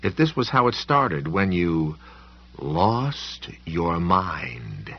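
A man narrating an audiobook in an expressive, dramatic reading. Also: low-pitched, very slow, lo-fi sound.

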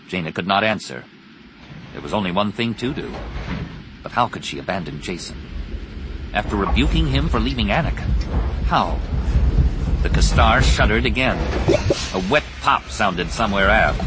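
A man narrating a story aloud, dramatic and expressive, dropping soft on grave lines. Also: on the low side. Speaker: audiobook narrator. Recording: noisy recording.

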